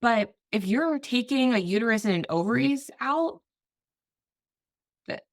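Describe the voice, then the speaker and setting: A woman guest on a casual podcast interview, talking in an animated way, laughing easily and jumping into quoted voices. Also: on the high side, a little slow, no echo, clean studio sound.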